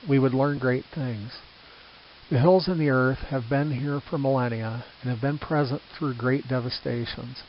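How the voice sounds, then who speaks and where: An older man reading his own reflective book aloud, earnest and measured, with small restarts. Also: medium pitch. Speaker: author narrating his book. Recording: slightly dull with faint hiss.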